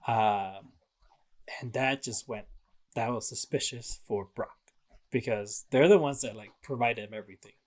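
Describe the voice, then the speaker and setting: A man's voice: medium pitch, measured pace. Man, mid-range voice, laid-back podcast co-host, chatty recaps. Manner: relaxed recapping with fillers and laughs. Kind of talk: casual chat.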